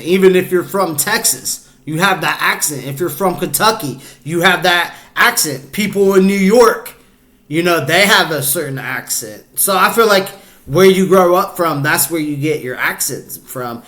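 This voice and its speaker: A man's voice: a little high, a little slow, fairly bright tone. A man hosting a casual podcast, talking loosely and rambling, with lots of fillers. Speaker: podcast host. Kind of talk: casual chat.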